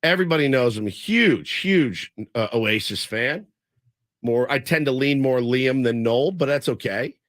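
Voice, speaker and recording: A man's voice: mid-range voice, expressive, unhurried, fairly bright tone, no echo. A man hosting a casual sports radio show in a studio, telling long rambling stories. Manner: rambling storyteller, imitates people he quotes. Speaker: radio host. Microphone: studio microphone.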